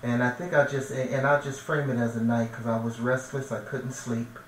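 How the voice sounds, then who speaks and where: A man's voice: mid-range voice, flat delivery, fairly quick. A man, a minister, giving a heartfelt personal testimony, earnest and emotional, often repeating himself as he searches for words. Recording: echoey room, distant mic, faint noise.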